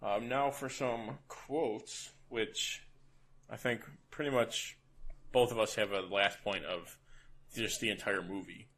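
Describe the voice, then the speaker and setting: A man's voice: lowish voice, fairly even intonation, slow pace, fairly bright tone. A young man co-hosting a casual movie review podcast, speaking hesitantly with many fillers and laughing. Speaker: podcast co-host.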